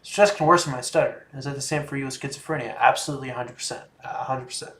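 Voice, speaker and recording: With a quick pace and a fairly bright, mid-range voice, a man in his twenties answers viewer questions on a casual livestream, laid-back and chatty, often trailing off. He's in a room at home, and the sound is reverberant.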